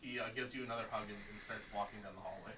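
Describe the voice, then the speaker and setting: Guy dm narrating a tabletop game, laid back, lowish voice, echoey room, noisy. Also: very fast. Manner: relaxed, with many fillers. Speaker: dungeon master. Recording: roomy, distant and noisy.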